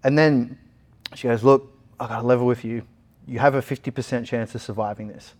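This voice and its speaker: A man's voice: medium pitch, brisk. A young Australian man telling a long personal story in a casual interview, acting out the lines of the people in it. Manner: animated retelling, acting out other people's lines. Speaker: interview guest.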